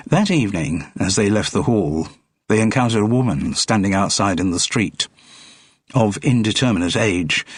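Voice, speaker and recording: A man reading a mystery audiobook in a measured narrating style. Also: sits low, slightly rough, dry recording, studio quality. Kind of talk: scripted narration.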